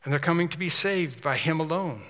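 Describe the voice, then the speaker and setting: Man preaching in a big echoey church, bright punchy voice, keeps repeating lines for emphasis. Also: fairly high pitch, lively intonation, fairly quick. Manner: emphatic, repetitive preaching with rising intensity. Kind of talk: sermon. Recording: long hall reverb.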